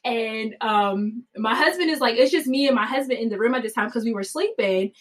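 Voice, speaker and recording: A woman with a somewhat high voice recounts a personal story. She talks in a loose, animated way, full of fillers and quick laughs. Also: rough recording. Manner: animated, chatty, many fillers like "like" and "um", laughs often. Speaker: mother telling her birth story.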